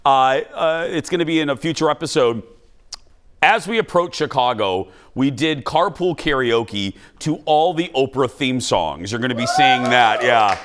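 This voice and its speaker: A man's voice: mid-range voice, normal speed, a little hiss or hum. A man hosting a talk show, telling jokey stories to a studio audience. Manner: animated, jokey storytelling.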